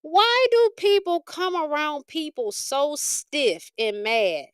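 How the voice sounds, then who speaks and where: A woman tarot reader and medium on a livestream, talking bluntly and profanely in an animated rant, laughing often. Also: sits high, slow pace, no room sound, clean studio sound. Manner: frequent laughter.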